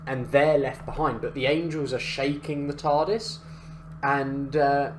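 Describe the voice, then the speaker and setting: A man casually commenting on a video game, chatty and thinking aloud. His voice sits at an ordinary middle pitch, and a faint hiss runs underneath. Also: steady tone, a little slow. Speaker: let's play gamer.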